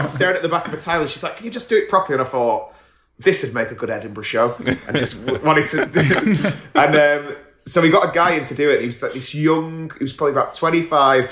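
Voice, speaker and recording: A man telling stories in a casual podcast chat, animated, laughing often and acting out the voices of people he talks about. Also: on the high side, roomy sound. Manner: swears casually. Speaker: guest storyteller.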